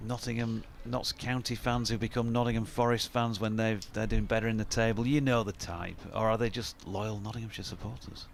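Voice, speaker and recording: A man's voice: lowish voice, steady tone, a little fast, creaky, hardly any pauses, a little hiss or hum. A man with an English accent chatting as cricket co-commentator, musing aloud and asking rhetorical questions from a commentary box. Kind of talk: conversational co-commentary.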